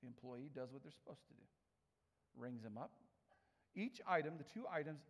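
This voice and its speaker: A man giving an animated storytelling talk with laughing asides. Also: medium pitch, moderate pace, long pauses, big-room sound. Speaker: speaker.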